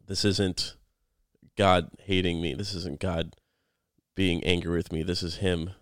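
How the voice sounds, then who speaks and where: A man's voice: deep voice, flat delivery, unhurried, clean tone, no room sound, clean studio sound. A man co-hosting a podcast, talking earnestly and reflectively through a Bible passage in casual chat. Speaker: podcast co-host.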